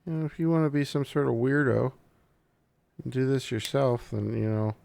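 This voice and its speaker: This tech reviewer opens and reviews a gaming mouse, speaking casually and profanely, excited and joking with viewers. His voice is creaky and medium-pitched at normal speed, in a dry recording.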